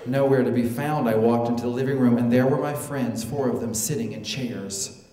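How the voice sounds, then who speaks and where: A man performing a comic personal story on stage, animated and prone to high excited exclamations. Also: normal speed. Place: storytelling show venue. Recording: echoey hall, live stage.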